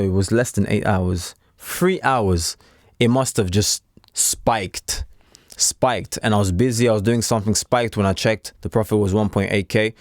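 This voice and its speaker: Speaking casually and unscripted to camera, a trading coach chats in a repetitive way, peppered with streetwise slang. His voice is mid-range and a little mellow, captured as a dry, clean studio recording.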